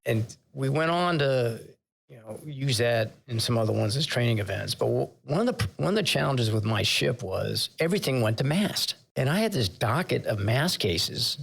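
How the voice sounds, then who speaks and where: A man's voice: medium pitch, big pitch swings, moderate pace, creaky, fairly bright tone, slightly rough. An older man, a retired admiral, telling candid stories in an interview and growing emotional as he recalls his sailors. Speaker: retired vice admiral, podcast guest. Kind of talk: conversational interview storytelling.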